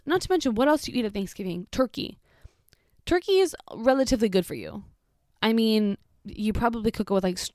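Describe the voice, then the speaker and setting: A woman's voice: mid-range voice, no room sound, clean studio sound. Sarcastic, foul-mouthed woman ranting. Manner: sarcastic, exasperated, swears a lot. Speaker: commentary vlogger. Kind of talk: profane reaction rant.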